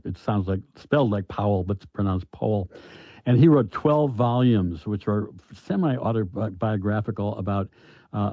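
An older man, an author, answering interview questions in a halting, thoughtful way with many restarts. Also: on the low side, dry recording. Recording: dull, lo-fi, dry sound.

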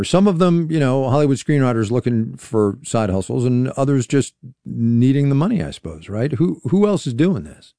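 A man's voice: mid-range voice, dark tone, clean tone, no room sound. Dry-sounding male radio host. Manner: measured, with small restarts. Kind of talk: radio interview.

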